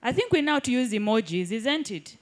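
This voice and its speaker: A woman's voice: a little high, animated, a little fast. A woman teaching a live hands-on workshop in an indoor training room, keeps checking that the group follows. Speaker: digital skills trainer.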